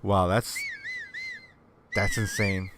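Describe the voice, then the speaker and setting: A man's voice: fairly low pitch, huge pitch swings, very slow, noisy background. A man streaming a video game, chatting casually with viewers, who rambles and laughs often as he tells stories.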